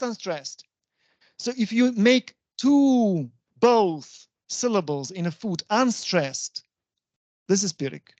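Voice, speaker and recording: A university lecturer, explaining patiently and often checking understanding with a quick "right?". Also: medium pitch, a little mellow, dry recording. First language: Russian. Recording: dull, dry lo-fi recording.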